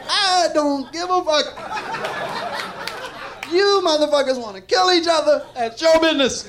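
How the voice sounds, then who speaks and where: On a club stage, a stand-up comic with a very high voice and fairly bright tone speaks at normal speed through a profane, meandering routine, laughing often and restarting sentences. Crowd noise runs through this live recording.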